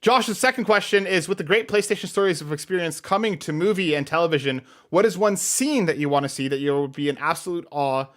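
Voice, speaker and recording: A man's voice: fairly high pitch, fast, few pauses. A man co-hosting a casual podcast in an upbeat way, reading listener questions aloud and answering them. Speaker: podcast co-host.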